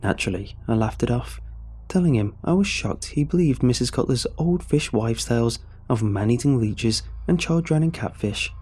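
Mellow husky young male narrator. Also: medium pitch. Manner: steady, measured storytelling. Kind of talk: scripted horror story narration. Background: faint music.

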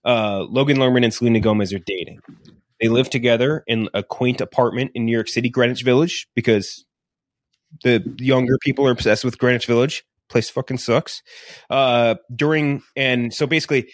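A man talks in loose, casual chat, often swearing and trailing off with "uh" and "um" as he walks through an idea. His voice sits at a middle pitch and sounds close and dry, with no room around it. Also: no room sound. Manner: rambling, profane, pitches a film plot. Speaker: podcast co-host.

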